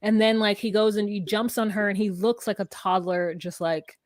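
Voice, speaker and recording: A woman co-hosting a podcast, retelling reality show scenes in a relaxed, joking, casual way. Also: medium pitch, moderate pace, dry recording, clean studio sound. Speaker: podcast co-host. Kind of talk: casual recap chat.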